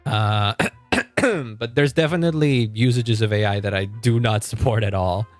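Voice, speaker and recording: A man's voice: on the low side, moderate pace, no room sound, faint music behind. A man streaming a game and chatting casually with his viewers. He rambles, restarts his sentences and laughs often. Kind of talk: casual live-stream chat.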